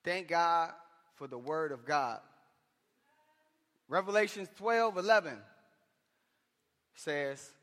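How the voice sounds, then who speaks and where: A man's voice: sits high, expressive, takes it slowly, pauses often, a bit bright, big-room sound. A man preaching a sermon to men in a church, impassioned and conversational, with slangy asides. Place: church hall.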